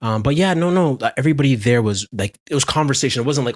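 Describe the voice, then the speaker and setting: A man co-hosting a podcast, telling a story in animated casual chat, laughing often and restarting his sentences. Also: mid-range voice, fast, hardly any pauses, dry recording. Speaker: podcast co-host.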